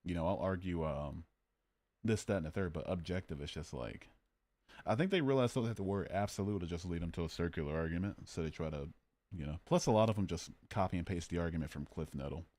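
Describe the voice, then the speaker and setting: A man's voice: deep voice, brisk, darkish tone, dry recording. A man hosting a casual livestream, arguing about morality and joking as he reads out his chat. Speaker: livestream host.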